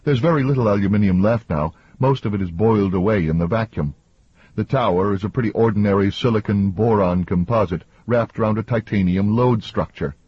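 A husky-voiced man reading an audiobook, voicing a level-headed woman scientist in a matter-of-fact tone, a little higher than his own voice. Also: brisk, dry recording, lo-fi sound. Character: Catherine, a woman crew scientist, level and factual.

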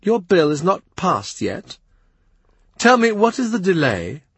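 A man voicing an imperious young queen who talks rapidly and commandingly. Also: high-pitched, big pitch swings, breathy edge, no room sound, voice pushed up, heavily acted.

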